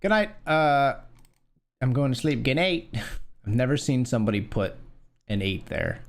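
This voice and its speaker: Male poker streamer, mid-pitched, loose rambling commentary, profane and excitable. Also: moderate pace, creaky. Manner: rambling, filler-heavy, profane; excitable when winning. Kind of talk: casual live-stream commentary.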